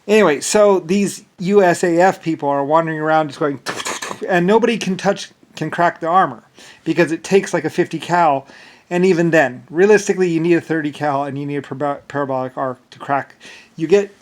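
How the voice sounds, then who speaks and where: Rambling man with a higher voice. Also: fairly quick. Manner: rambling and repetitive, stacking restarts; breaks into short laughs. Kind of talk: rambling monologue.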